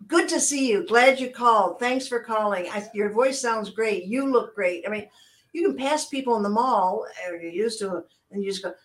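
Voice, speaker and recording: A woman's voice: on the high side, moderate pace. Chatty older woman telling stories. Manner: chatty, acts out quoted voices. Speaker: guest, customer service trainer. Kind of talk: casual chat, storytelling.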